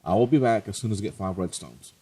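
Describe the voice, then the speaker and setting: Let's play host, male, low and husky, chatty and jokey. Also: fast, warm tone. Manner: chatty, joking, self-mocking. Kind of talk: casual gameplay commentary.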